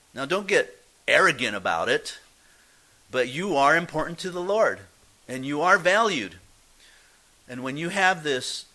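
A male pastor delivering a sermon in a church. His voice is bright and ringing, and he moves between forceful emphatic lines and quieter, hushed asides. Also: mid-range voice, rough recording. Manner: emphatic, swings from loud to soft. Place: church sanctuary.

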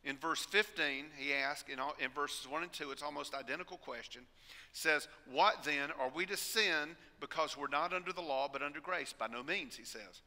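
A man's voice: a little high, moderate pace, sharp tone, long reverb tail. A man preaching a sermon, emphatic and calling on the congregation for responses. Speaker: pastor. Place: church sanctuary.

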